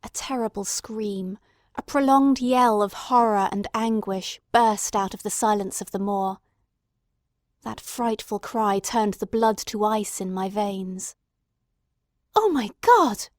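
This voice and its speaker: A woman reading a classic novel aloud as an audiobook narrator, in a measured, dramatic storytelling manner. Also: mid-range voice, steady tone, a little mellow, no echo, studio quality. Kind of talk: scripted narration.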